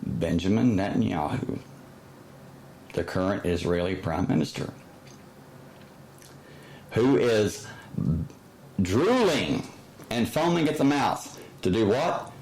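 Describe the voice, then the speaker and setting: A man's voice: lowish voice, animated, slow, pauses often, a little mellow, slight background noise, rough recording. A man hosting his own channel, giving a heated, sarcastic opinion monologue full of fillers and restarts. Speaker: channel host.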